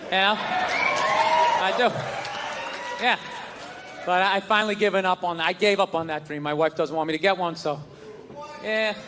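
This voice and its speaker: A man's voice: sits high, big-room sound. A middle-aged man doing stand-up before a live audience, sardonic and profane, stretching out his words. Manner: sardonic, profane, drawn-out delivery. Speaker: stand-up comedian. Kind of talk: stand-up comedy. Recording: live show with crowd and noise.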